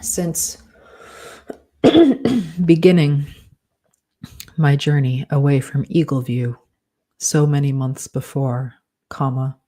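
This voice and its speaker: A man's voice: a little high, takes it slowly, pauses often, dark tone. A man dictating a novel aloud, speaking each comma and period as he goes. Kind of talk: dictation with punctuation spoken aloud.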